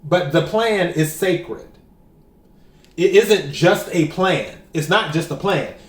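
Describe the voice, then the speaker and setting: This tarot and oracle card reader, a man with a high voice, addresses the camera directly, animated yet slow and deliberate over each word. He emphasizes key phrases by repeating them, and the recording echoes like an empty room at home.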